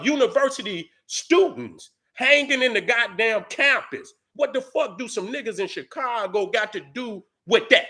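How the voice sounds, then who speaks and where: A middle-aged man giving heated, profane commentary to his viewers, angrily shouting back at commenters. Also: extremely high pitch. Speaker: YouTube commentator.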